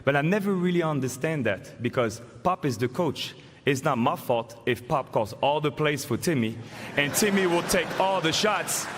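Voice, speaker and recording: A man in his forties with a French accent, giving an acceptance speech in a casual, halting way with fillers. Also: on the high side, expressive. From France. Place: large arena stage. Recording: long hall reverb, faint noise.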